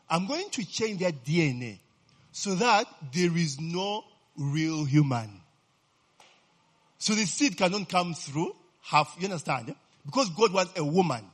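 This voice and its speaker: Here a high-pitched male preacher, a bit bright with a breathy edge, addresses his congregation. It's a lively call-and-response sermon: he tags sentences with "eh?", coaxes replies from listeners and keeps chuckling partway through his lines.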